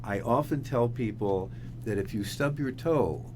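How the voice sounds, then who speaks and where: A man speaking as a guest attorney in a radio show interview. He talks haltingly, with many ums and restarts. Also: mid-range voice. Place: radio studio. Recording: clear humming background noise.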